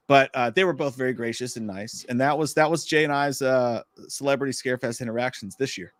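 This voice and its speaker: A man co-hosting a casual livestream, telling stories with lively, loud bursts of impressions. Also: medium pitch, quick pace, hardly any pauses, no echo. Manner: animated storytelling with loud shouted impressions. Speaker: podcast co-host.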